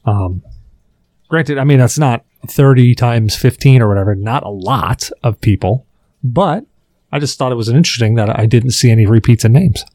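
Casting note: podcast co-host, man, mid-pitched voice, dry close sound, rambling and tripping over his words. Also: normal speed, dark tone, dry recording. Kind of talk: casual chat.

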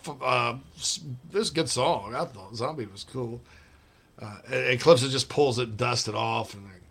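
A man's voice: mid-range voice, moderate pace, a bit bright. A man hosting sports radio, rambling and joking in casual banter with bursts of laughter.

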